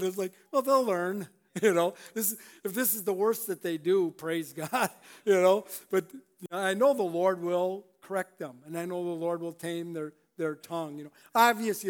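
A male pastor giving a conversational sermon, often chuckling and restarting his sentences. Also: high voice.

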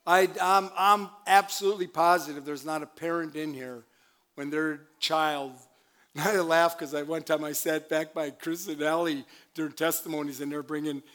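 A man's voice: fairly high pitch, fairly even intonation, normal speed, a bit bright. An older man, a pastor, preaching a sermon in a church, chatty with laughing asides and calls for amen. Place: church sanctuary.

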